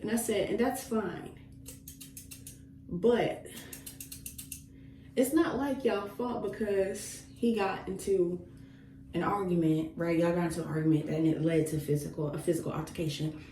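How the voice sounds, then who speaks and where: Woman vlogger, casual and emphatic, retelling talks with her son; mellow tone, faint room noise. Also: mid-range voice, a little slow, pauses often. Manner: emphatic, repeats phrases for stress. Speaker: vlogger, mother. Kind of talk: casual venting while cutting hair. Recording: echoey room, mic at a distance.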